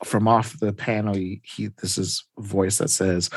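Male podcast host, casual and rambly, lower voice, dry recording. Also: flat delivery, measured pace, slightly rough, no room sound. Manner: rambling, many "like"s and restarts. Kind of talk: casual comic recap.

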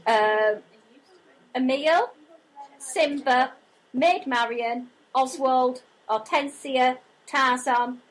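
A woman's voice: high-pitched, drawn-out words, low-quality recording. A woman co-hosting a live podcast meetup, giggling as she reads out a list. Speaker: podcast co-host. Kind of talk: casual live chat.

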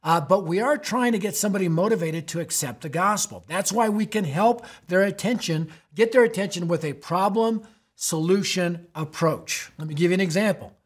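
A man's voice: high-pitched, lively intonation, normal speed, husky. A man hosting a youth ministry podcast, teaching emphatically in a preaching style, with rhetorical questions and frequent "right?".

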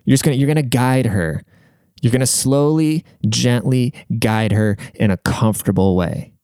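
A man's voice: medium pitch, normal speed, dark tone, clean tone, no room sound, clean studio sound. A young man hosting an advice podcast, crude and emphatic, swearing freely as he reacts to listener letters. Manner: profane, blunt, emphatic. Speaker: podcast host giving advice. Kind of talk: crude casual advice rant.

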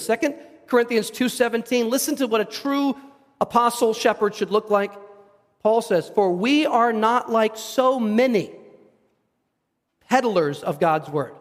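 A man's voice: high voice, in a large hall. A man pastor giving a conversational sermon, often repeating words as he builds a point.

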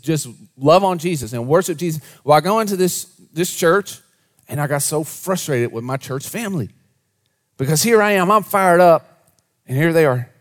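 A man preaching a sermon to a congregation, moving between hushed, low asides and animated, raised storytelling. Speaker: pastor.

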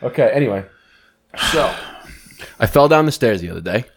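A man co-hosting a casual podcast, telling stories in an animated way, swearing and laughing often. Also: mid-range voice, fairly quick, vocal fry, slightly rough. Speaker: podcast co-host. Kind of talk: casual chat.

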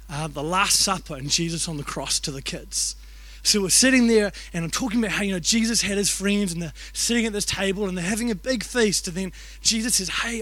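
A man, a youth and kids pastor telling stories in a sermon with animated, joking delivery. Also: high voice, dry recording. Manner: animated, jokey storytelling with acted-out voices. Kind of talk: storytelling sermon.

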